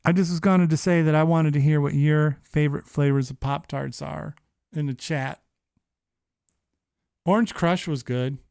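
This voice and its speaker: A man in his thirties hosting a live-streamed show, chatting casually in an animated, profane, rambling way. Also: a little high, normal speed, vocal fry, long pauses, dry recording, studio quality. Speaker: livestream show host.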